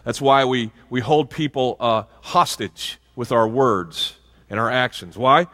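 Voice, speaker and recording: A man's voice: mid-range voice, a little slow, fairly bright tone, big-room sound. A male pastor preaching a sermon in a conversational way, with asides and frequent restarts. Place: church sanctuary.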